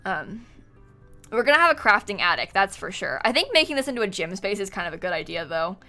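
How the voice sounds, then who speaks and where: A woman's voice: mid-range voice, very animated, fast talker, sharp tone. A young woman chatting casually on a live stream while playing a game, giggling often and thanking viewers from chat. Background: faint music.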